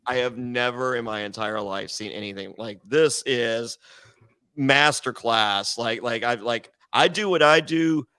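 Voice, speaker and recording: A man guest on a podcast, telling stories in a rambling, animated way with many restarts. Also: medium pitch, a little slow, clean tone, no echo. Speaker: reality TV contestant guest. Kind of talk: casual podcast storytelling.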